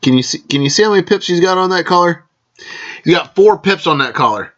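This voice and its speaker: Bright-voiced rambling man on a lo-fi vlog. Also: high-pitched, lively intonation, a little fast. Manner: rambling, self-correcting, gives toasts. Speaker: podcast host. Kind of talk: casual rambling vlog chat.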